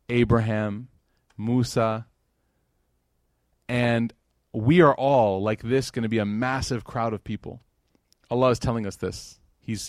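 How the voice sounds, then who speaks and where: A man's voice: medium pitch, no echo, studio quality. A man giving an informal sermon at a religious gathering, talking conversationally with joking asides and growing emotional over scripture.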